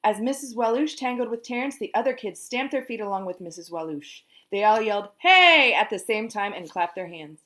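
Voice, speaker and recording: A woman reading a children's book aloud, animated and singing out the sound effects herself. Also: medium pitch, fairly quick, hardly any pauses. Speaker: storyteller.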